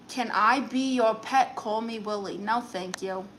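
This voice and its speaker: A woman with a Brooklyn accent, speaking in a forceful, bright and slightly high voice. She reads her chat out loud and talks back to it with brassy, teasing sass. A faint hum sits behind her. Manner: brassy, sassy, teasing banter. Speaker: comedian reading live chat comments. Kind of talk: live-stream chat in a sassy aunt persona.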